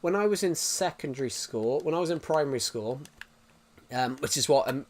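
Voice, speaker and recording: A man's voice: mid-range voice, animated, moderate pace. A young British man streaming live, chatting casually with viewers in a rambling way, full of restarts and fillers. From United Kingdom.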